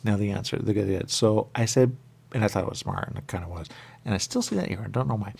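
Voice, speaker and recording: A man's voice: fairly low pitch, fast, gravelly, a little mellow, husky. A man hosting a radio show, talking in a rambling, repetitive monologue that keeps circling back with small chuckles.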